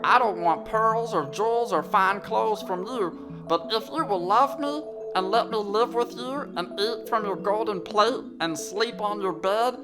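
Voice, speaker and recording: A woman's voice: mid-range voice, measured pace, over music, natural voice. A woman reading the lines of a sly male frog in a fairy tale who sweetly bargains with a princess. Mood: coaxing.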